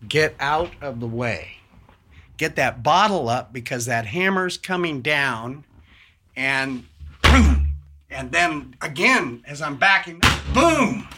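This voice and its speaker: A man slowly recounting a violent attack in first person, measured and deliberate, rising sharply when he quotes shouts. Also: fairly high pitch, lively intonation, slight background noise. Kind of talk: slow first-person storytelling.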